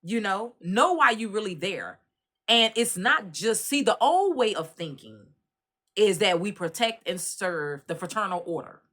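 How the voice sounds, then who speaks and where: A middle-aged woman from Dallas with a Texan accent, giving a casual commentary and telling animated stories straight to her listeners. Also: mid-range voice, measured pace. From Dallas, Texas. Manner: animated storytelling, addresses listeners directly. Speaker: commentary host.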